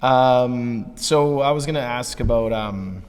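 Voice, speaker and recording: A man's voice: mid-range voice, slow pace, a little mellow, smooth. A male podcast co-host chatting casually about business, loose and motivational, with lots of "like" and "you know". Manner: loose, filler-heavy, motivational. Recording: long reverb, faint ambient noise.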